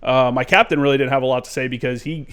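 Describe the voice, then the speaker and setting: A man hosting a podcast, telling stories in an animated, casual way and swearing freely. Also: medium pitch, fast, clear, resonant tone. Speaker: podcast host. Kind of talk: casual conversation.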